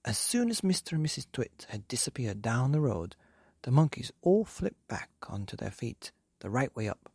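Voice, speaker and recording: A man hosting a bedtime story podcast, reading a children's book aloud in a gentle, animated way. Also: medium pitch, normal speed, husky, no echo, studio quality.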